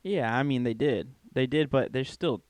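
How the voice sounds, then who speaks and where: A man's voice: mid-range voice, moderate pace, darkish tone, no room sound. Profane ranting podcast guy, dry mic. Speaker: podcast co-host. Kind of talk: casual chat.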